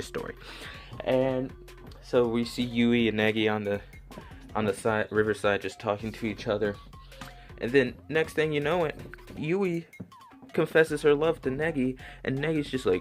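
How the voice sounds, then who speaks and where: Casting: man, mid-pitched, casual anime reviewer, rambling and excitable, keeps restarting sentences. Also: unhurried, soft background music. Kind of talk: casual plot-recap review.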